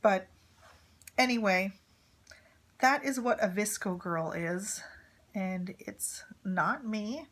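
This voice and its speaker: A woman in her thirties tells a story to her viewers in a casual, rambling way, full of "like" and small asides. Her voice sits in an ordinary middle pitch for a woman, relaxed and conversational. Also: slow pace, long pauses. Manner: chatty and rambling, with filler words and asides. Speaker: vlogger, mother of a teenage son. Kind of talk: casual storytime chat to camera.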